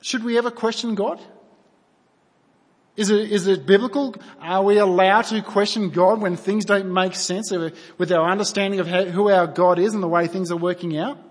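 At a normal pace, a high-voiced pastor delivers a sermon with fairly level intonation. His style is sincere and conversational, full of rhetorical questions for the congregation, all carried on a long hall reverb.

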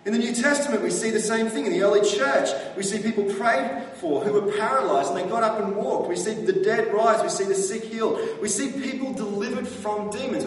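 A high-pitched male pastor preaches a sermon, recorded from far off in an echoey hall with slight background noise. He speaks conversationally, often putting questions to the congregation.

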